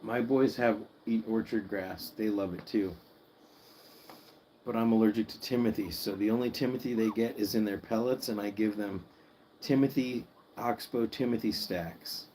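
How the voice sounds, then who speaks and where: A man hosting a pet channel's late-night livestream, sleepy, soft-spoken and cooing to his guinea pigs at home. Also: on the low side, steady tone, moderate pace, a little hiss or hum, low-quality recording.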